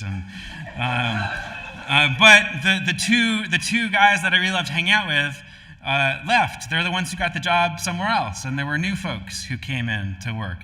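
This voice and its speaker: A male pastor from Connecticut giving a storytelling sermon in a relaxed, conversational way, with frequent fillers and restarts. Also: fairly high pitch. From Connecticut, USA. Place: church sanctuary. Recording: live-streamed hall with long reverb.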